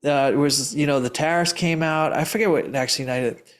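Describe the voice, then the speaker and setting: An investing educator with a slightly high voice talks a little fast while answering live audience questions. He's emphatic and rambling, tells stories, laughs often, and keeps starting his sentences over.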